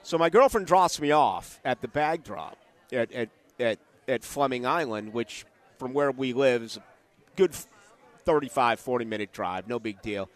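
Animated middle-aged man telling stories. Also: medium pitch, moderate pace. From Boston. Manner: animated storyteller, restarts often, acts out quotes. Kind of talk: casual sports chat.

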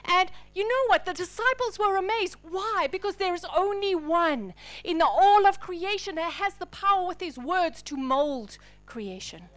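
A woman pastor with a very high voice preaches a sermon. She moves from ringing declarations down to soft, breathy whispers. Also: lively intonation, a little slow, few pauses. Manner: dynamic preaching, swinging from loud declarations to hushed whispers.

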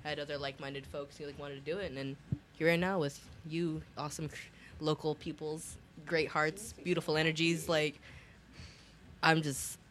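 A podcast co-host talking in a slangy, affectionate way, full of fillers and laughter. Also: male voice, on the high side, little pitch movement, moderate pace, fairly bright tone, a little hiss or hum. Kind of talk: emotional casual chat.

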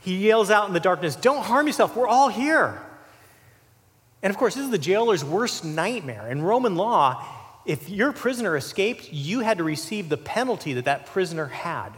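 A man preaching a sermon as pastor, animated and conversational, full of asides and "you know.". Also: sits high, fairly quick, long reverb tail.

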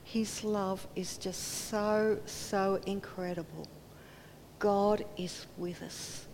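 A woman's voice: fairly even intonation, takes it slowly, creaky, darkish tone. A woman giving a sermon in earnest tones, acting out quoted voices and dropping to near whispers. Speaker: preacher. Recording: hall reverb, faint rumble.

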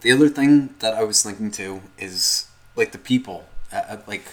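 A man co-hosting a podcast, talking in a rambling, profane, animated way in casual chat. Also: on the low side, moderate pace, poor audio. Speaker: podcast co-host.

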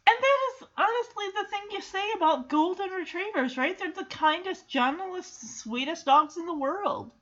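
A woman hosting a show, chatting through a sitcom episode in an animated, sarcastic way. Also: very high voice, normal speed, hardly any pauses, highs cut off. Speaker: recap podcast host. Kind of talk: casual episode recap commentary.

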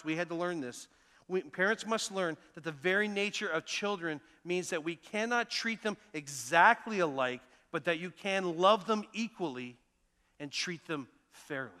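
A middle-aged man preaching a sermon as pastor, telling personal stories earnestly, moving between emphatic lines and hushed ones. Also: high voice, smooth. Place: church sanctuary. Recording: long church reverb.

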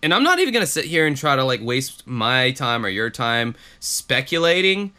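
Bright-voiced, blunt man. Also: mid-range voice, normal speed, clean tone. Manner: blunt, profane, animated. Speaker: podcast co-host. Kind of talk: casual chat.

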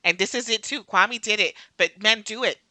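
Bright, blunt woman co-host. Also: medium pitch, normal speed, dry recording. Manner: blunt, profane, animated storytelling. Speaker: podcast co-host. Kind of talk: casual chat.

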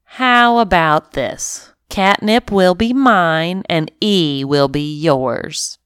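A woman's voice: drawn-out words, fairly bright tone, smooth, no echo, studio quality. Ringo, a fretful kitten voiced by a woman. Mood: cheeky. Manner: pleading, high-strung and theatrical. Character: anxious dramatic male kitten.

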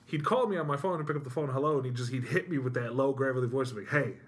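Fast-talking man telling a story. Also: mid-range voice, slightly rough. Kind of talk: casual storytelling.

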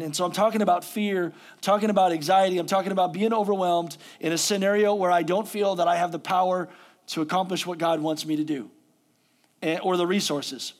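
A male pastor giving a conversational sermon, joking about himself and then reading scripture with rising emphasis. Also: high voice.

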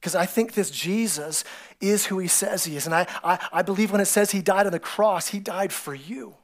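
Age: adult. Sex: male. Role: pastor. Style: sermon in a church, conversational and animated, acting out characters. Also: high-pitched, normal speed. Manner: animated storytelling, acting out biblical characters with excited voices; conversational, repeats words and restarts often. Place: church sanctuary.

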